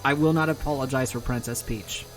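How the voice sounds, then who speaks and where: A man's voice: mid-range voice, steady tone, brisk, rough recording. Male gaming streamer, mid-range voice, rambling self-mocking chat, faint music behind. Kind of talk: casual chat while gaming.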